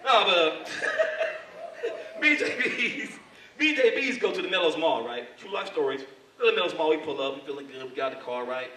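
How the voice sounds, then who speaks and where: A male stand-up comedian hosting a live club show, telling stories in an animated way. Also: a little high, moderate pace, a little hiss or hum. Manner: animated storytelling. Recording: echoey club, distant mic.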